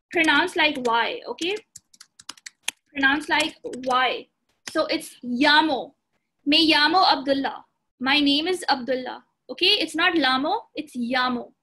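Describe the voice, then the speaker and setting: A woman's voice: sits high, sharp tone, a little hiss or hum. A woman teaching a beginner language lesson, patient, repeating points and checking that students follow. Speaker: language instructor.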